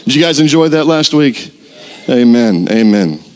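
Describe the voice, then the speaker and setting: A young man preaching a sermon as pastor, telling a story with lively acted-out quotes. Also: mid-range voice, moderate pace. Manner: animated storytelling, acts out quotes.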